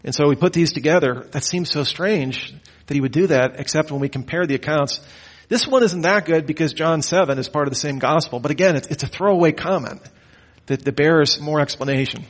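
Lively man lecturing on scripture. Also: on the high side, a little fast. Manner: lively, questioning delivery, mock-incredulous asides. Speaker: Bible teacher. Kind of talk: lecture on the Gospels.

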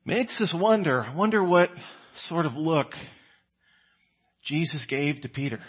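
A man delivers a sermon in a casual, storytelling way, his voice slightly husky and a little higher than most men's. He breaks into quoted lines with sharp jumps in pitch and loudness. The recording sounds dull and lo-fi. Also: animated, unhurried. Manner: conversational, acts out quoted lines with rising pitch and volume. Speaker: preacher.

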